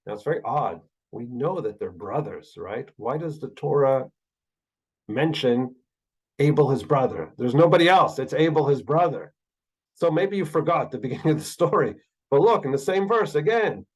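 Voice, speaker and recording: A man's voice: a little high, expressive, normal speed, slightly rough, poor audio. A man giving a Bible lecture, thinking aloud with many uh fillers and checking in with "right?" as he builds his point through emphatic repetition. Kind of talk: recorded lecture.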